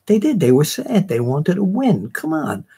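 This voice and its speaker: A man's voice: fairly high pitch, huge pitch swings, moderate pace, mellow, breathy edge. A man hosting a live online show, chatting casually and reading out viewer comments in a rambling way, with many fillers and self-corrections.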